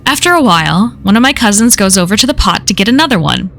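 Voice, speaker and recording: A woman's voice: medium pitch, sing-song, quick pace, gravelly, fairly bright tone, a little hiss or hum. A woman reading a first-person horror story aloud on a live stream, in a casual, conversational telling full of swearing.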